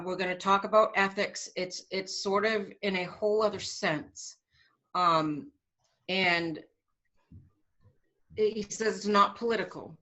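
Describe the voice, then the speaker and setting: A woman's voice: medium pitch, a bit bright. A woman psychic medium talking in a casual group chat, upbeat with many fillers. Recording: lo-fi call audio.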